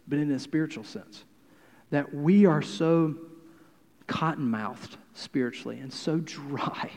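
A man preaching a sermon, swinging from hushed, quiet passages to loud, emphatic declarations. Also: mid-range voice. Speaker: pastor. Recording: long hall reverb.

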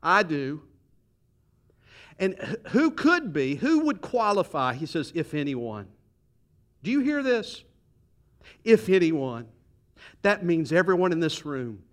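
A middle-aged man, a pastor, preaching a sermon in a church with lively, conversational delivery, joking and asking the congregation questions. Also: on the high side, measured pace. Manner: animated, conversational preaching with humor and rhetorical questions. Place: church sanctuary.

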